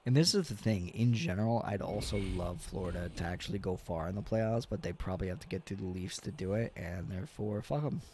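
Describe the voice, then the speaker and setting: A young man streaming a hockey video game, casually commenting, swearing a lot and yelling at big plays, tired and yawning. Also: low voice, a little fast, hardly any pauses, slight background noise. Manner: excitable, swears often, yells at big plays. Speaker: gaming streamer.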